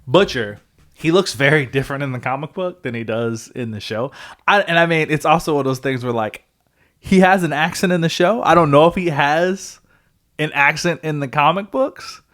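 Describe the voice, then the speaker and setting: A podcast co-host with a fairly high voice chats casually at a moderate pace. He's animated, thinks aloud, and lets the odd curse slip.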